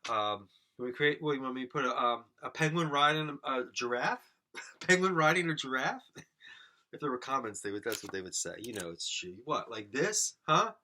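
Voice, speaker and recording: A man's voice: medium pitch, lively intonation, brisk, few pauses, sharp tone, a little hiss or hum. A man hosting a silly podcast alone, rambling absurdly and talking to an imagined audience. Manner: absurd, self-mocking, talks to imagined audience. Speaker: podcast host. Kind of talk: rambling comedic monologue.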